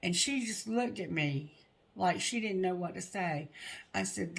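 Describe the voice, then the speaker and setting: A woman's voice: fairly low pitch, animated, unhurried, creaky. A middle-aged woman telling a personal story, blunt and heated, swearing freely. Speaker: tarot reader.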